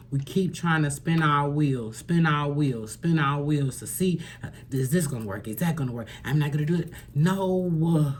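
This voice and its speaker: Slow, husky woman giving a tarot reading. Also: deep voice. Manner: earnest, preachy, repeats phrases for emphasis; drops to soft near-whispers on emotional points. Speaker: tarot reader. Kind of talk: spiritual tarot reading to camera.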